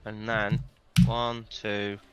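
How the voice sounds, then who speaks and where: A man's voice: lowish voice, flat delivery, extremely slow, fairly bright tone, highs cut off, faint music behind. A man playing a tabletop game, reading rules aloud and checking his moves as he goes. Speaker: player. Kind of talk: casual tabletop game play.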